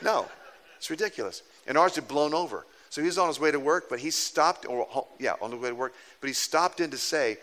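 A middle-aged pastor with a bright, forward voice and a slightly high pitch, preaching in a loose storytelling way. He jokes at his own expense and slips into the voices of the people in his anecdotes. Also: brisk. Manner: animated, self-mocking storyteller who acts out quoted people. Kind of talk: storytelling sermon.

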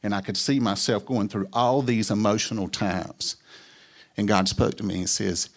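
Middle-aged man, low-pitched, folksy testimony storyteller. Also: fairly even intonation, normal speed. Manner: folksy, storytelling, acts out dialogue. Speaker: businessman sharing his testimony. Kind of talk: personal testimony talk.

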